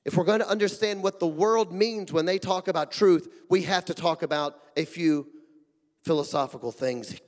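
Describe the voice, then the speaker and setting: A man preaching a sermon as pastor, emphatic and full of rhetorical questions, swinging between loud and hushed. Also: high voice, normal speed. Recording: long hall reverb.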